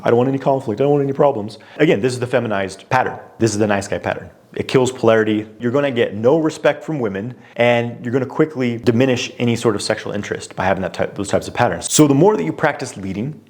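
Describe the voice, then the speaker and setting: A man's voice: mid-range voice, quick pace, few pauses, darkish tone. A man speaking as a relationship coach, talking straight to the viewer in a direct, conversational way, posing pointed questions and using frequent fillers. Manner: poses pointed questions to the listener. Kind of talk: direct-to-camera coaching talk.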